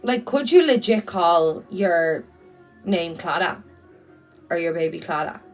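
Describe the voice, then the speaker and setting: A woman's voice: lowish voice, lively intonation, slow, distant mic, soft background music, low-quality recording. Blunt Irish woman on a phone livestream. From Ireland. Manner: blunt, swears casually. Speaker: livestream host. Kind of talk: casual livestream chat reading comments.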